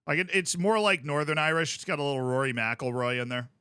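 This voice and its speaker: Casting note man, streamer, crisp bright voice, chatty and rambling, dry close sound. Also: fairly high pitch, steady tone, fast talker, dry recording. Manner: rambling, chatty, with frequent restarts. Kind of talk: casual livestream chat.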